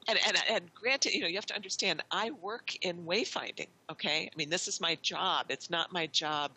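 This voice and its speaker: A middle-aged woman with a very bright, ringing voice tells a story at length as a podcast guest. She talks in a chatty way, full of restarts and quoted dialogue. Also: lowish voice, normal speed, slightly rough, rough recording. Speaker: wayfinding consultant, guest.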